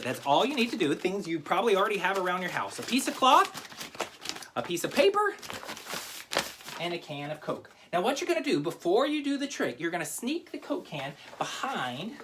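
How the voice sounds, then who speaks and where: A man's voice: high voice, bright, forceful tone, a little hiss or hum. A man giving a comic magic lecture to camera, teaching a trick while joking, rambling and interrupting himself. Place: home video recording.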